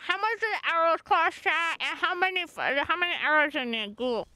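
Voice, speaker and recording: An extremely high-pitched woman talks at a moderate pace over a dry recording while live-streaming a game. Her casual commentary is excitable, full of swearing and sudden frustrated eruptions.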